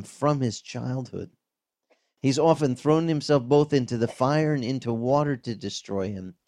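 A male pastor preaching a conversational, animated expository sermon. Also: mid-range voice.

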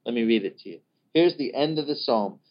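A man preaching a sermon in an animated way, acting out the voices of the people he quotes. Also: medium pitch, brisk. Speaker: pastor. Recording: dull lo-fi recording.

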